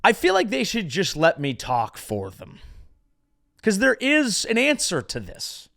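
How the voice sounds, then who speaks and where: A comedian host rants through a sarcastic monologue, his voice rough and gravelly at the edges. He pitches a touch high for a man and bounces all over his range, jumping from loud punchlines to low, muttered asides. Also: wildly swooping pitch, measured pace. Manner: ranting, sarcastic, swings from loud outbursts to mumbled asides. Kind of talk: stand-up style comedic monologue.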